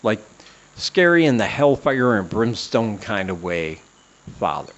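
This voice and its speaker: A man's voice: on the low side, big pitch swings, a little slow, muffled recording. A man hosting a comedy podcast, telling a self-deprecating personal story in a rambling way, with many "uh" fillers. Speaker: podcast host.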